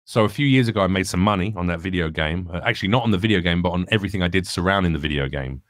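A man's voice: deep voice, very fast, dry recording, studio quality. A young man, a comedian guest talking earnestly and reflectively in a candid podcast conversation. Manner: earnest, reflective, rambling with restarts.

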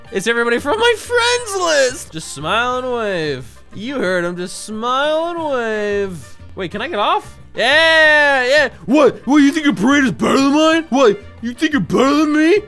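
A young man doing excitable, jokey commentary over a video game, reacting loudly and often shouting at what happens on screen. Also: sits high. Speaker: gaming YouTuber. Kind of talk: let's play commentary. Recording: faint game music behind.

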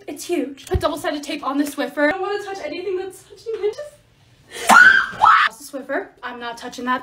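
Bubbly fast-talking young woman vlogger. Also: sits high, animated, a bit bright, slight background noise. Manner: bubbly, chatty narration of hauls and projects. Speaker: lifestyle vlogger. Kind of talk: casual vlog voice-over.

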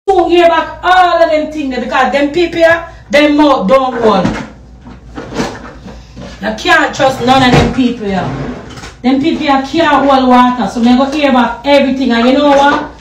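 A woman's voice: on the high side, slight background noise. A woman with a Jamaican accent ranting heatedly on a live stream, firing off rhetorical questions and swearing in patois. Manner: patois slang and profanity. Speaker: social media personality.

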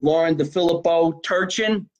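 A man hosting a casual live podcast from a basement, talking in an animated, profane way as he plugs a local deli. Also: on the high side, moderate pace, poor audio. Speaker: podcast host. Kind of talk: casual live-stream chat.

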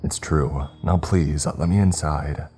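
A man voicing a desperate male ranger who has been turned into a creature, pleading and shouting to be let in. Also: a bass voice, slow pace, faint music behind. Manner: pleading, then shouting and banging.

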